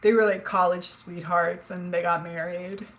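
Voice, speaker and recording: A woman's voice: fairly low pitch, steady tone, moderate pace, low-quality recording. Chatty woman rambling to her live chat. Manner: chatty, rambling, candid, swears casually. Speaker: livestream host chatting with viewers. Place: home, indoors.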